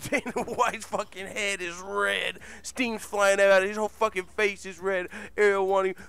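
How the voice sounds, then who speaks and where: A man's voice: sits high, normal speed, gravelly, clear, resonant tone. A man hosting an online show, telling a comic made-up fight story full of swearing and laughter. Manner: profane, laughing, animated. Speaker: host.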